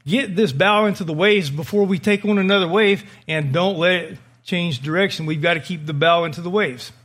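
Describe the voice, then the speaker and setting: Guy doing a loud commanding boat leader yelling orders, voice pushed up high. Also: fairly quick. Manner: shouted commands, urgent. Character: commanding male leader barking orders on a storm-tossed boat.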